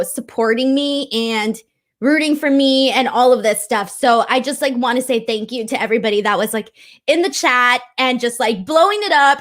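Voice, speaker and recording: A woman's voice: high-pitched, a bit bright. A woman hosting a live stream, talking casually and earnestly, with lots of fillers. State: voice cracking with emotion. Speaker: wrestling show host.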